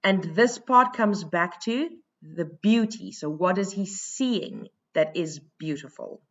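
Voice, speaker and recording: A South African woman teaches a poetry lesson in an unhurried, deliberate way. She explains each point step by step with a chatty, informal manner. The home recording sounds slightly muffled. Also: fairly low pitch, lively intonation.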